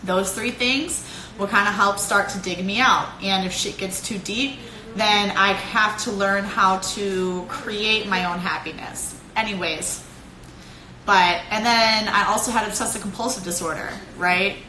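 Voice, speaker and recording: A young woman from Cleveland giving a profane, animated pep talk to followers on a live phone stream, laughing often. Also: medium pitch, a little slow, roomy sound, a little hiss or hum, poor audio. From Cleveland, Ohio.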